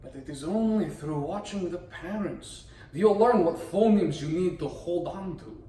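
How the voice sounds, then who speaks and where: A man explains how voice work is done, with a high-set voice that swoops widely as he plays up each point. He talks theatrically and teasingly, pitching questions at his listeners, and sounds a little distant in an echoey room. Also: animated, normal speed, dark tone. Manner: theatrical, playful, rhetorical questions. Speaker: voice performer. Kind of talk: explanatory monologue on voice acting.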